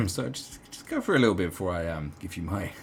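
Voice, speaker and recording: A man's voice: low-pitched, wildly swooping pitch, brisk, slight background noise. A man giving rambling, sarcastic opinion commentary, full of fillers and asides.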